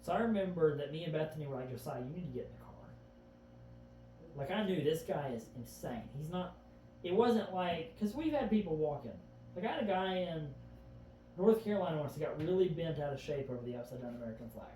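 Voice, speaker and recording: A man's voice: fairly high pitch, expressive, brisk, dark tone. A man in a casual podcast chat, earnestly retelling events in vivid detail, often starting with "I remember". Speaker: podcast guest. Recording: echoey room, far from the mic, faint background hum.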